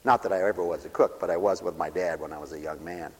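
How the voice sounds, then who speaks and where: A man preaching a lively sermon who swings from loud cries to quiet mumbles, acting out scenes and laughing often. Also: low-pitched, fast, hardly any pauses, husky, long reverb tail. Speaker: pastor.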